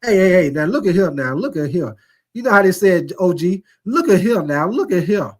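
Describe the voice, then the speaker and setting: A man's voice: high voice, big pitch swings, normal speed. A middle-aged man hosting a casual live-streamed sports talk show, reading viewer comments and telling profane, laughing stories. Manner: loose, joking, reads viewer comments aloud; profane storyteller who laughs at his own stories.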